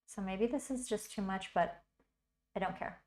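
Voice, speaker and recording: A woman's voice: medium pitch, moderate pace, darkish tone. A woman hosting a casual livestream tutorial, chatting and thinking aloud as she works. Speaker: tutorial host.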